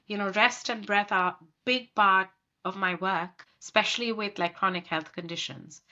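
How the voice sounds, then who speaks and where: A woman yoga therapist as a podcast guest, speaking calmly and unhurriedly while slightly under the weather. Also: medium pitch, lo-fi sound. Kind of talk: casual interview chat.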